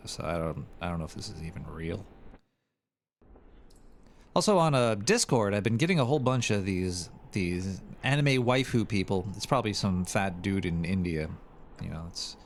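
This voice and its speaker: Gravelly, rambling crude male host. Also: lowish voice, a little hiss or hum. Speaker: show host. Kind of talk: casual livestream chat.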